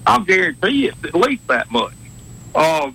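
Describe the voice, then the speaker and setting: A man's voice: high voice, huge pitch swings, creaky, pushed and bright, breathy edge, poor audio. A man with a Wiregrass Alabama accent, a judge calling in to a talk show, talking in a combative, fired-up way. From southeast Alabama. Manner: fired-up, rapid, combative, laughing.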